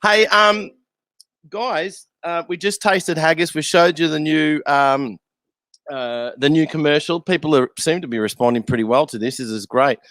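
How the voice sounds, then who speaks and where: A man's voice: fairly high pitch, normal speed, a bit bright, no echo. A man hosting a casual live show, laughing often and hesitating with many fillers. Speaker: talk show host. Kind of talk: casual chat.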